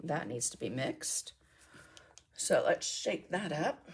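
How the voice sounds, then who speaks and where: A woman's voice: sits low, sing-song, slow, husky. A woman hosting a live mixed media art demonstration, chatting and thinking aloud as she works and answering viewer comments. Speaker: mixed media artist and host.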